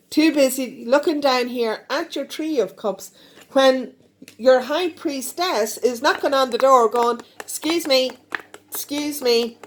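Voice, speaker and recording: Irish woman, tarot reader, middle-aged, casual, coaxing, fairly high voice. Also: a little mellow. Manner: repetitive, coaxing, frequent "okay?".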